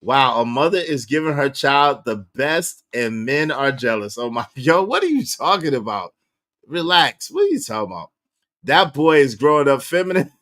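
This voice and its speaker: Bright-voiced man reacting to clips. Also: fairly high pitch. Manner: animated, blunt, laughs while talking. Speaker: reaction video host. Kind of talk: casual commentary on clips.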